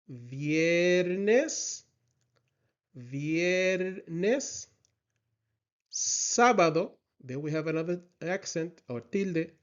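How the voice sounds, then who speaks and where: A man teaching a lesson, drilling words for the listener to repeat and checking in with "right?". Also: on the high side. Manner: slow, patient drilling with frequent "right?" checks. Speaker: Spanish teacher. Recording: slightly dull lo-fi sound.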